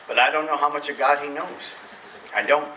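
A middle-aged man preaching a sermon as pastor, emphatic, swinging between loud preaching and soft confiding. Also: on the high side, fairly even intonation, a little fast, recorded from a distance, slight background noise. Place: church sanctuary. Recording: echoey church hall from off-mic.

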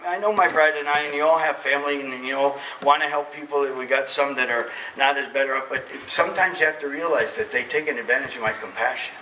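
A middle-aged man preaching a sermon as pastor, emphatic, swinging between loud preaching and soft confiding. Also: medium pitch, far from the mic, slight background noise. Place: church sanctuary. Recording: echoey church hall from off-mic.

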